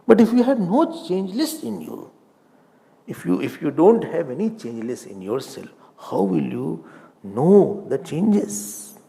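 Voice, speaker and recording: Gravelly Indian man giving a lively discourse. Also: on the high side, unhurried. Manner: lively, acts out questions and answers with a student; mixes in Hindi and Sanskrit verses. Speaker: swami teaching scripture. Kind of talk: spiritual discourse.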